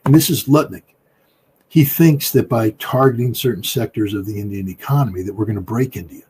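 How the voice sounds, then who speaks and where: A man with a husky voice giving political commentary in an interview, talking in an emphatic, combative way. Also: fairly quick, slight background noise. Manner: emphatic and combative, with big swings in pitch and loudness. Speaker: political commentator, former weapons inspector.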